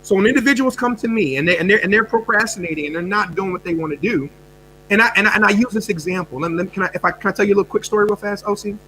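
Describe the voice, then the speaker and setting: An American man, a guest speaker and coach, tells his story energetically in a high, sharp, forceful voice, repeating words and swinging between quick bursts and quiet drops. The recording is low quality, with a faint mains hum underneath.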